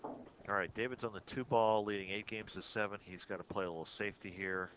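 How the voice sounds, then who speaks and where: A man giving measured, analytical play-by-play commentary on a pool match. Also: on the low side, fairly even intonation, a bit bright, a little hiss or hum. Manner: measured, analytical, chuckles often.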